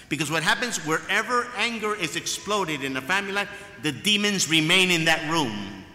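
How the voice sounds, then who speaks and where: A man with a slightly high, strikingly bright voice delivers an emphatic sermon and keeps coming back to the same phrases. His pitch moves in wide, animated swings, and every word rings on in a long, echoing hall. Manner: emphatic preaching with repeated phrases. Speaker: priest. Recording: echoey hall with long reverb.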